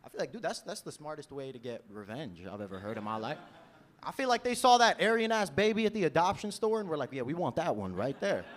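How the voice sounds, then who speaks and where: A man's voice: on the high side, quick pace. A man, doing a stand-up set in a loose, chatty style, laughing at his own jokes. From New York. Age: 20s. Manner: lively, loose delivery, laughs at own jokes, frequent "you know?". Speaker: stand-up comedian. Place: comedy club stage.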